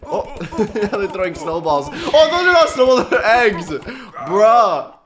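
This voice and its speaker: A man giving casual reaction commentary on a cartoon, excitable and slangy, laughing often. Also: sits high, takes it slowly.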